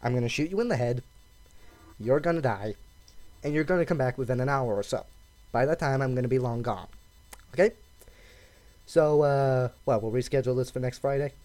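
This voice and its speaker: A man's voice: medium pitch, brisk, pauses often, a little mellow, close to an everyday voice. A man voicing a smug, scheming male anime villain in a casual, taunting way while retelling a scene.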